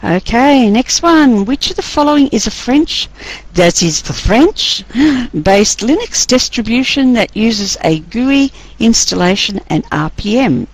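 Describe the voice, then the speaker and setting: A woman's voice: a little high, expressive, a little slow, poor audio. A woman lecturing a class, running a chatty, teasing quiz and laughing often.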